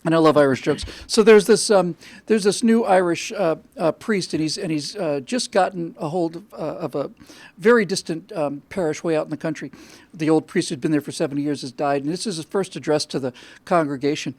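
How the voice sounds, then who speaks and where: A man's voice: on the high side, a little fast, a little mellow, no echo. Wry, chatty male show host. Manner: chatty, wry, jokey, with frequent restarts. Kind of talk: commentary and studio banter.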